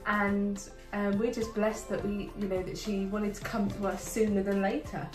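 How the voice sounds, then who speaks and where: A woman's voice: mid-range voice, little pitch movement, normal speed. Woman, 30s, pregnant co-host, earnest and thoughtful, echoey room, far mic, music. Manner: earnest, thoughtful, with frequent fillers. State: heavily pregnant. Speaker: co-host of a couple's channel. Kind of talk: casual chat. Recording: roomy, distant mic, clear music behind.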